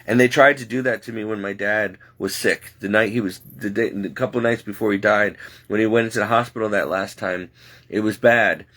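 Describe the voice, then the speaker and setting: A man casually telling a personal story in an earnest, halting way. He often restarts his sentences and speaks openly about God and the supernatural. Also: fairly low pitch, steady tone, a bit bright. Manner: earnest, halting, circles back on itself.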